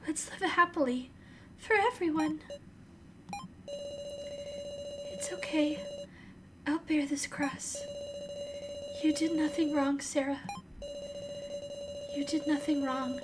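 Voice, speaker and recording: A woman voicing a gentle, devoted young girl, reading game dialogue aloud in a sweet, coaxing way. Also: high-pitched, takes it slowly, long pauses, background noise, voice pushed up. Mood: tearful. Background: game music.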